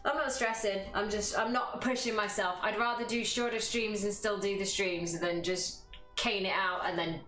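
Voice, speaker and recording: A woman's voice: medium pitch, fairly even intonation, moderate pace, a bit bright. A young woman with a cough, leading a live-stream yoga class in casual chat, laughing often and swearing freely. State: has a cough. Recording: roomy room with faint music.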